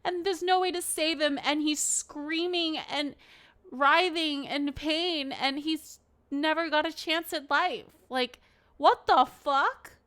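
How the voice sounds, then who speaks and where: High-voiced woman streamer reacting emotionally. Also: steady tone, slow pace, a bit bright, no room sound. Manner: emotional, swears a lot, exclaims.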